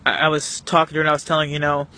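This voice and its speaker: A man with a slightly high, bright and forceful voice tells his own story to the camera. He speaks earnestly and emotionally, often halting and restarting as he searches for the words. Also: completely flat delivery. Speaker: vlogger. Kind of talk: personal story told to camera.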